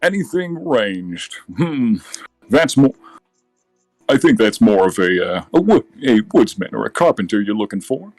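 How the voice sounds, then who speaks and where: A man narrating as game master in a tabletop game, relaxed, with frequent fillers and self-corrections. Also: on the low side, moderate pace, dry recording, faint music behind.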